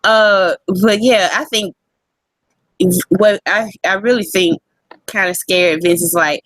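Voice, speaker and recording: A woman co-hosting a casual wrestling podcast, animated and profane, laughing often. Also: medium pitch, takes it slowly, no room sound. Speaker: podcast co-host.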